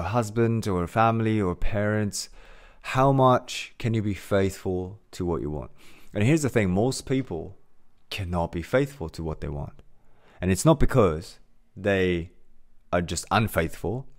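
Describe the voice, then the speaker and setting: A man working as a mindset coach, giving a motivational talk to camera in an earnest, emphatic way, repeating phrases and using many fillers. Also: deep voice.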